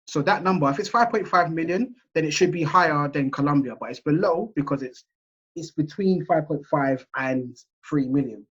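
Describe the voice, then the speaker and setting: A man from England gives a seminar lecture over a video call, chatting conversationally and regularly checking in with his listeners. His voice is fairly high, a bit bright and slightly rough, at a moderate pace. The call audio is muffled.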